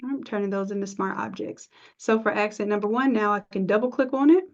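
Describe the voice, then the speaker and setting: A woman's voice: mid-range voice, brisk. Chatty woman teaching design live. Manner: chatty, encouraging, thinks aloud while working. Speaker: design instructor. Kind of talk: live screen-share tutorial. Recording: dull lo-fi stream audio.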